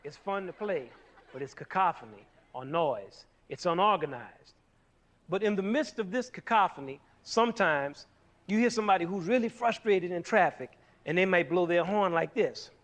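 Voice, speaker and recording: Guy teaching a music lesson on rhythm, kinda high voice, lively, keeps quizzing the class. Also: moderate pace. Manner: animated, asks the audience questions.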